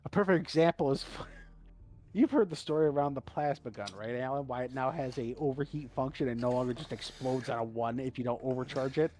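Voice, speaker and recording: A man's voice: medium pitch, fairly quick, darkish tone. A man co-hosting a casual podcast, telling stories and ranting with plenty of swearing. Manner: profane, ranting, storytelling. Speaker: podcast co-host. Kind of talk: casual chat.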